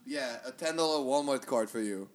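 A young man co-hosting a crude casual chat, teasing and joking deadpan. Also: medium pitch, normal speed, slight background noise. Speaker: co-host.

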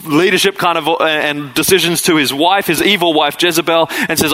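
A man's voice: a little high, brisk, bright, forceful tone, poor audio. A man preaching a conversational sermon as pastor, acting out the people in the story as he retells it. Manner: conversational preaching, acts out quoted figures.

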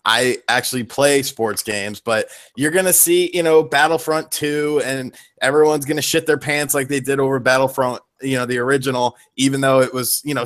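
A man's voice: medium pitch, fairly bright tone, dry recording, clean studio sound. A man guesting on a podcast, blunt and dismissive, swearing and leaning on "you know.". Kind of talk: casual podcast chat.

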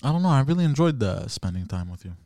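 A man's voice: medium pitch, big pitch swings, quick pace, heavy background noise. A man hosting a podcast, chatting casually in a teasing, stammering way and swearing freely. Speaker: podcast host. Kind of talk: casual chat.

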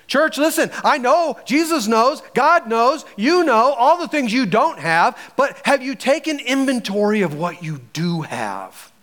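A male pastor preaching a sermon in an animated, conversational way, asking the congregation questions. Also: very high-pitched, unhurried, few pauses.

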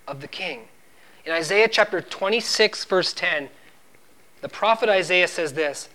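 A man preaching a sermon, quoting scripture and pressing his points with emphasis. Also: pushed and bright. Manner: emphatic, rises in pitch and volume when driving a point; quotes scripture and acts out the servant's lines.

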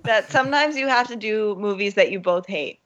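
A woman's voice: mid-range voice, lively intonation, fairly quick, a bit bright, dull audio. A woman co-hosting a casual podcast, stumbling over her words as she chats. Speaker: podcast co-host. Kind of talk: casual chat.

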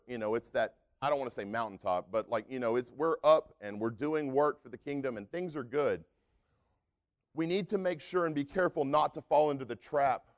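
A man preaching a sermon in a relaxed, folksy, conversational way, often using casual fillers. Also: medium pitch.

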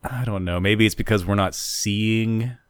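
A man with a somewhat low voice chats as a podcast co-host, recorded close and dry. He talks in a joking, theatrical way. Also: a little slow, smooth, dry recording. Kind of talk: casual chat.

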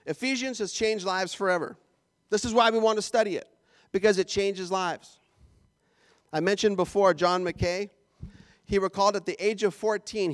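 A man from Canada preaching a sermon as pastor, animated and jokey with playful asides. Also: high-pitched, no room sound, studio quality.

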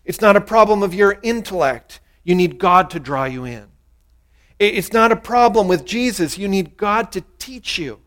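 A man's voice: sits high, lively intonation, normal speed, fairly bright tone. A man preaching a sermon, earnestly walking through a passage and leading the congregation in a spoken prayer. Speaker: pastor.

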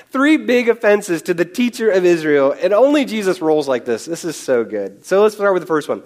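A man preaching a conversational sermon on a Bible passage, animated and casual, with quick asides and chuckles. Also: high-pitched.

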